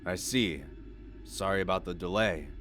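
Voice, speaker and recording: A man voicing a calm, firm woman, the narrator's wife, in a blunt and commanding manner within a horror story. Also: sits low, normal speed, soft background music.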